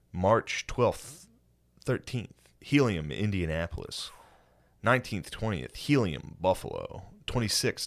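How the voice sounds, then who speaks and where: Young male podcast host, lowish voice; relaxed banter that breaks into loud, animated impressions. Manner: animated storytelling, bursts into loud yelling impressions. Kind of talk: casual chat.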